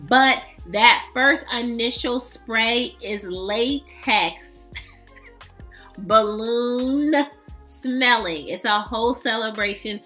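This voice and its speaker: Young woman, fragrance vlogger; emphatic, playful delivery, unhurried pace, faint music underneath. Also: on the high side, pushed and bright. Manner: chatty, emphatic, playful with sassy asides. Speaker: fragrance reviewer. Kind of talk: casual review vlog.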